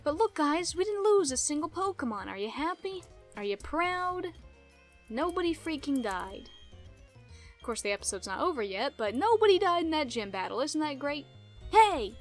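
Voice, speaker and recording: Brief: chatty giggly woman, let's play commentary, high pitch, light background music. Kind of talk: casual game commentary.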